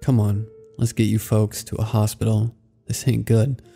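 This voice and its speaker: A man voicing a gruff, balding older park ranger with a thick country accent and a blunt drawl. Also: lowish voice, level tone, moderate pace, mellow, faint music behind. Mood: grim. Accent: American country.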